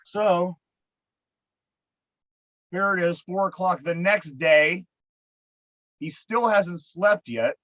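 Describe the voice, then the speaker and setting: A man's voice: high voice, slow, pauses often, a bit bright, dry recording. A man with a Pittsburgh accent co-hosting a podcast, telling a long story in a profane, exasperated, rambling way. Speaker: podcast co-host. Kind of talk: casual storytelling. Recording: dry, dull lo-fi podcast mic.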